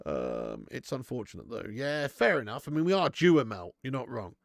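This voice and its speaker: Bloke ranting on a footie watch-along stream, swears a lot, close dry mic. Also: male voice, medium pitch, moderate pace, creaky, dry recording. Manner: blunt, sweary, animated ranting; reads out viewer chat messages. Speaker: football watch-along host. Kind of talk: live match watch-along commentary.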